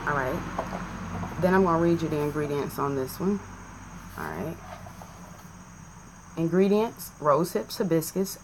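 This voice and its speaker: A woman vlogging in a casual, animated and profane way, joking as she compares tea bags to camera. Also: sits low, a little hiss or hum. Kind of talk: casual chat.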